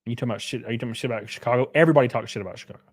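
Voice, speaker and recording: A young man with a husky voice talks very fast during a casual livestream while reading chat. He's loose, profane and filler-heavy, and gets animated, his pitch jumping up sharply when he does jokes.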